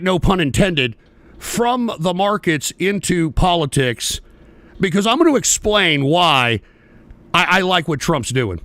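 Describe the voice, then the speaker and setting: High-voiced, profane ranting man. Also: a bit bright, no echo. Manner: aggressive, profane, repeats points for emphasis. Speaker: political talk show host. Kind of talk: profane political rant.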